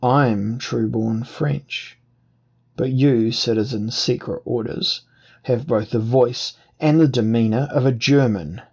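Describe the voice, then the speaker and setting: Aristocratic male officer, righteous and pompous, read by a man, husky, unhurried, audiobook. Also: mid-range voice, fairly even intonation, darkish tone, heavily acted. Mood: pompous, suspicious.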